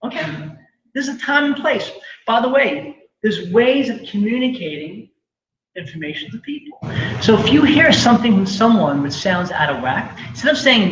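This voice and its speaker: Chatty high-voiced man in a roomy hall. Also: animated, normal speed, fairly bright tone. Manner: chatty, keeps asking "right?" and "correct?". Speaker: speaker at a live community event. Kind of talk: conversational inspirational talk. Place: event hall. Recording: roomy, dull live hall recording.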